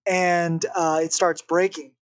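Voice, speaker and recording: A young man, a podcast guest, telling a story in a casual, animated way. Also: on the high side, slow pace. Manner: animated, vivid retelling with acted-out quotes.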